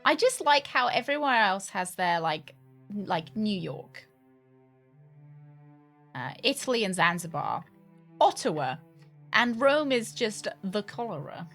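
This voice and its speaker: A woman's voice: mid-range voice, sing-song, unhurried, pauses often, fairly bright tone, faint music behind. Chatty woman streamer reading aloud. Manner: chatty, stumbles and corrects herself mid-sentence. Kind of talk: reading game text aloud with asides.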